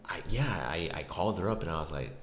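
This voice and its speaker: A man's voice: low-pitched, lively intonation, fast talker. A man hosting a podcast, telling a story casually, rambling and swearing with lots of fillers. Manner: rambling, profane, many fillers. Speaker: podcast host. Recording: echoey room with faint noise.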